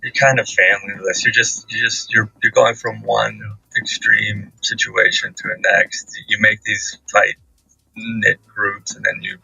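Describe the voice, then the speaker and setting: A man's voice: fairly low pitch, flat delivery, a little slow, creaky, sharp tone, slightly rough, dry recording, rough recording. A man being interviewed as an actor guest, laughing often and restarting his sentences. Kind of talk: talk-show interview chat.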